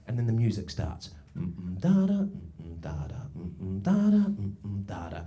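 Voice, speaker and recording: A man in his forties performing a stand-up comedy set in a village pub, swinging between booming and hushed storytelling. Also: breathy edge. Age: 40s. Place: village pub before a live audience.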